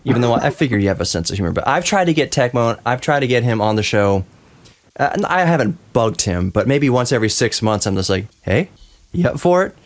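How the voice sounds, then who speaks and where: A man's voice: medium pitch, expressive, fast talker. A man hosting a casual podcast roundtable, talking in rambling, self-interrupting runs and laughing often. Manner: rambling, talks over himself, laughs often. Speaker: podcast host.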